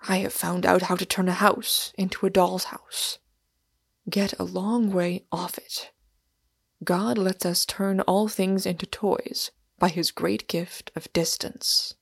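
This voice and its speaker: A woman reading a big wistful englishman, soft and earnest, gravelly edge, dry close sound. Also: mid-range voice, fairly even intonation, measured pace, no echo. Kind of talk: audiobook character reading.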